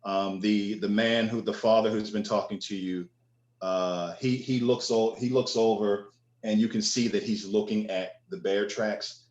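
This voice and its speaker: Man game master, low voice, halting narration, echoey room, lo-fi. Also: fairly even intonation, a little mellow. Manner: halting, many fillers and restarts. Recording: echoey room, dull lo-fi sound.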